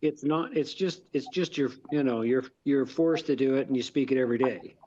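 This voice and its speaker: Fifties guy on a zoom call, relaxed rambly storyteller, kinda muffled audio. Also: mid-range voice, a little fast. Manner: long rambling anecdotes, easygoing. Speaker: real estate investor and contractor on an accountability call. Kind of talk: casual chat. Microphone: video call. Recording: dull lo-fi video call audio.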